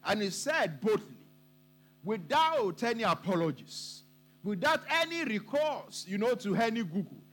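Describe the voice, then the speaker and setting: A man's voice: high voice, big pitch swings, a little slow, a bit bright. A man preaching a sermon to his congregation, emphatic and repeating his points for weight.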